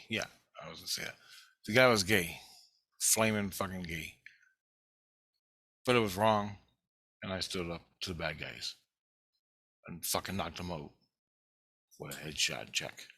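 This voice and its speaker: Middle-aged man, low voice, bright tone, dry close sound, swearing, rambling storytelling. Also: a little slow, long pauses, husky, no room sound. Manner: profane, rambling, animated when excited. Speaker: vlogger. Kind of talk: casual storytelling monologue.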